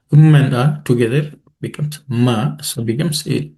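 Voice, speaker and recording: A man leading a scripture study class, explaining the meaning and pronunciation of verses in a measured way with many fillers. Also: mid-range voice, darkish tone. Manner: chants Sanskrit verses quickly.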